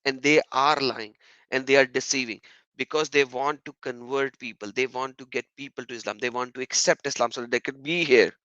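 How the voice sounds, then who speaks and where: A man talks straight to his viewers in an emphatic, insistent way, circling back to the same points and firing off rhetorical questions. His voice is bright and forceful, and the recording is close and dry. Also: medium pitch, steady tone, brisk, smooth, no room sound, muffled recording. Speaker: YouTuber responding to comments. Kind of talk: monologue commentary vlog.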